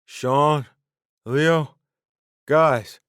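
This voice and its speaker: A man voicing a stoned, confused, tearful young man who shouts and pleads in a raised, slurring voice. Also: mid-range voice, slow pace, clear, resonant tone, no room sound, studio quality, pitched above the performer's own voice, natural voice. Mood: drunkenly pleading.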